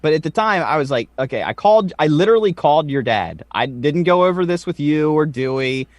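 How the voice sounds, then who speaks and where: A man co-hosting a podcast, talking in casual chat with an animated, swearing, excitable manner. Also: on the high side, a little fast, no room sound. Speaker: podcast co-host.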